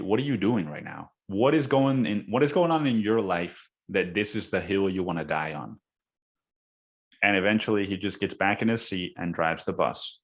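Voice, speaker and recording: A young man with a fairly low voice tells a story on his podcast in loose, slangy chat. He swears often and keeps saying dude and man. When he quotes other people he jumps into high, shouted voices. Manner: profane, slangy, says dude and man a lot; acts out quoted voices with sudden high yelling. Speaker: podcast host. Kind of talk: casual storytelling monologue.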